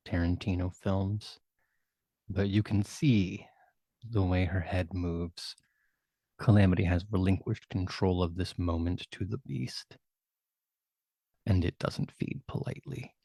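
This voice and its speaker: Low gravelly man narrating a game. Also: steady tone, dry recording. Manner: vivid, measured storytelling with hushed dramatic turns. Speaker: game master. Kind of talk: dramatic tabletop game narration.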